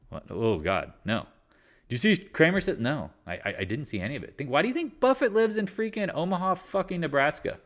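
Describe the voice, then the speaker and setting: A man hosting a live market stream from his living room, ranting sarcastically and mocking others in put-on voices. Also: mid-range voice. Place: living room home office.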